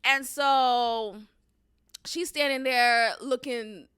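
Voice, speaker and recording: A woman hosting a podcast, telling a story in a casual, animated and profane rant. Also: sits high, drawn-out words, smooth, no echo, clean studio sound. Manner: animated, profane, emphatic ranting. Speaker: podcast host.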